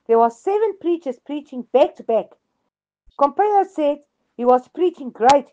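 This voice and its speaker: A woman's voice: high-pitched, dull audio, heavy background noise. A woman giving a devotional radio reading, telling a story earnestly with emphatic repetition.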